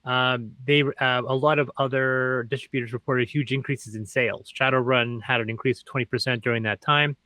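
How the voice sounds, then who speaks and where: A man's voice: mid-range voice, steady tone, brisk, few pauses, sharp tone, no room sound. A man co-hosting a gaming podcast who runs his own campaigns, speaking hesitantly with frequent restarts. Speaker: podcast co-host, game master. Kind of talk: casual podcast chat.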